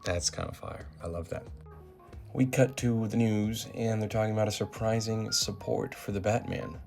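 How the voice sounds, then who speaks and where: Low gravelly dude chatting through a comic recap, slangy and chill, soft music behind. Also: male voice, steady tone, moderate pace. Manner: laid-back slangy summarizing with many ums. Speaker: comic book reviewer.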